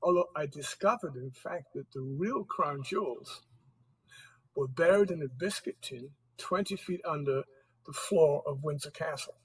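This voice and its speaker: A man's voice: on the high side, unhurried, husky, poor audio. A man, an author guest in an interview, explaining history in a storytelling way. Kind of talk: interview conversation.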